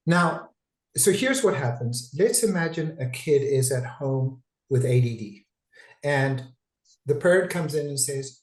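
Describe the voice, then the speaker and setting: A man's voice: fairly high pitch, expressive, unhurried, roomy sound, poor audio. A man, a psychiatrist, giving a conversational webinar talk over a video call, digressive and full of restarts. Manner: talkative, digressive, with frequent restarts.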